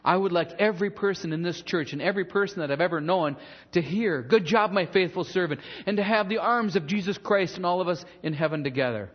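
A pastor preaching a sermon in a church in a conversational, animated way, with asides and bits of humor. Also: male voice, sits high, fast talker, big-room sound, dull audio.

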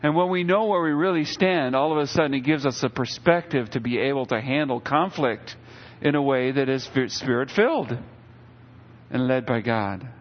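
A man's voice: mid-range voice, animated, normal speed, dull audio. A middle-aged man preaching a sermon as a pastor, in a conversational way, and acting out little quotes as he goes.

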